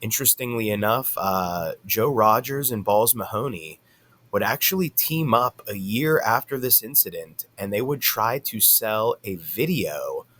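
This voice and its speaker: Low-voiced man narrating wrestling stories. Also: expressive, measured pace, a bit bright. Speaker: channel host narrator. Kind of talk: casual narration.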